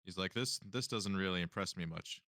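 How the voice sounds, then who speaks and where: A man role-playing his character at a tabletop game, speaking haltingly with many restarts. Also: low-pitched, pushed and bright, no echo, clean studio sound. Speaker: player.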